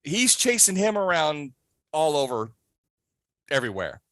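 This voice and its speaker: Guy telling a lively backstage story on a podcast, plays out the voices, dry sound, nothing echoey. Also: a little high, a little slow. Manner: animated, acts out voices in his stories. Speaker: podcast guest, haunt scare actor. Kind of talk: casual storytelling.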